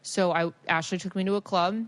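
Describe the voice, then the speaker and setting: A woman in her twenties co-hosting a podcast, telling stories in an animated way, laughing often and leaning on "like" fillers. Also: fairly low pitch, a little fast, no room sound. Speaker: podcast co-host. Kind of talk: casual chat.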